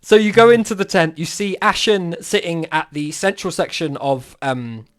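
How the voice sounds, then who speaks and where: A man's voice: a little high, normal speed. A man narrating a tabletop game as game master, often laughing and slipping into character voices.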